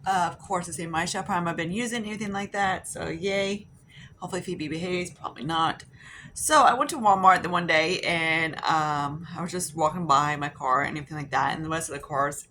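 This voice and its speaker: A young woman talks casually at home while doing her makeup, rambling with plenty of "um"s and a good deal of swearing. Her voice sits fairly low for a woman. A faint hiss of room noise runs under the recording. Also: pushed and bright. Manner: chatty, profane, rambling with many fillers. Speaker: beauty vlogger. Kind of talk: casual get-ready-with-me storytelling.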